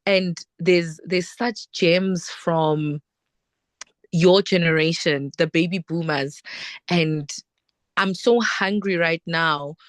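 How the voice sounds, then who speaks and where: A woman's voice: on the low side, fairly even intonation, slow, no room sound. A South African woman at an online book club, talking earnestly and slipping Sotho phrases into her English.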